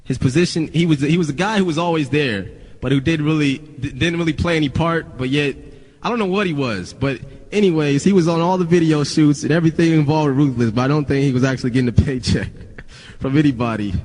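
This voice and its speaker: A man's voice: on the high side, quick pace, darkish tone. Profane young man telling stories, reverb. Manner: profane, rambling with many restarts. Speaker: rapper. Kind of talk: casual storytelling to friends.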